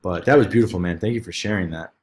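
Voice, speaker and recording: A man's voice: low-pitched, fast talker, a little mellow. A man hosting a podcast, talking in a casual, earnest and enthusiastic way with many restarts. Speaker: podcast host, detox coach. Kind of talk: casual chat.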